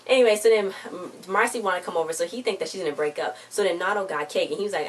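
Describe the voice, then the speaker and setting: A woman's voice: fairly low pitch, fast, few pauses, distant mic, slight background noise. A woman reviewing a TV episode in a casual, rambling recap, stringing the story together with "so then she's like.".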